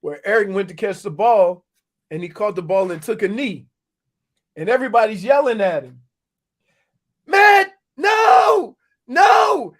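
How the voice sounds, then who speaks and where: Middle-aged male sports radio co-host, light high voice, lively storyteller, casual. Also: a little fast. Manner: animated storytelling, laughs often. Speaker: sports radio co-host, former NFL player.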